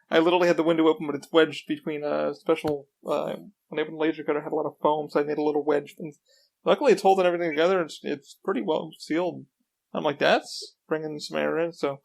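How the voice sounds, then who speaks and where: Excitable man with a gravelly voice. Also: a little high. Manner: rambling, excitable storyteller. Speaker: podcast host. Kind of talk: casual chat.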